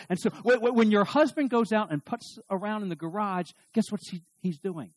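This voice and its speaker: A middle-aged man giving a humorous talk on marriage to a live audience, animated and joking, often restarting his sentences. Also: sits high, a little fast, hardly any pauses, no room sound. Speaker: speaker on marriage.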